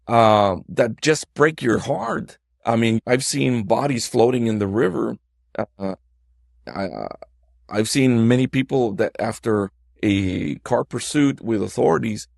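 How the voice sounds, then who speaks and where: A middle-aged male news reporter recounts his experiences in an interview. His voice is low and gravelly, and his speech is halting, full of fillers and restarts. The recording is dry and close. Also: darkish tone, no room sound. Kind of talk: interview storytelling.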